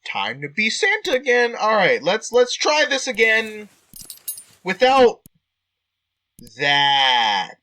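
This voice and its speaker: A man plays through a text game, reading it out and thinking aloud in a chatty, easily amused way. His voice is fairly high and bright, with a very lively, swinging pitch. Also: slow, pauses often. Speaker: game player. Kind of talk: let's-play commentary and reading game text.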